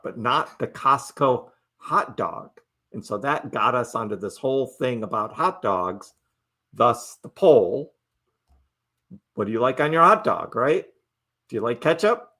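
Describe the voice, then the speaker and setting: A middle-aged man hosts a casual live stream, talking slowly with a gravelly edge to his voice. His delivery is chatty and lively, swinging up and down in pitch, and he reads out viewer messages and laughs often along the way. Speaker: livestream host.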